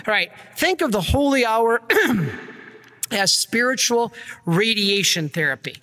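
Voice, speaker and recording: Man, priest, earnest sermon, very high voice, long hall reverb. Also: measured pace. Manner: earnest, energetic preaching, gets worked up. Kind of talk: sermon with slides.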